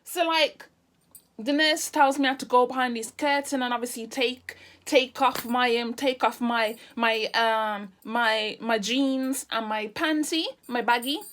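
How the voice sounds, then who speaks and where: A woman telling a casual storytime vlog, animated and exclamatory. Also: a little high, a little slow. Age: 30s. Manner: animated, exclamatory, drifts into Caribbean patois. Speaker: vlogger.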